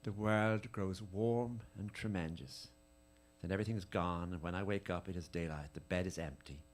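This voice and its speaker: A man giving a dramatic reading of letters at a live tribute event, with an intimate, measured, lingering delivery. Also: sits low, fairly even intonation, slight background noise.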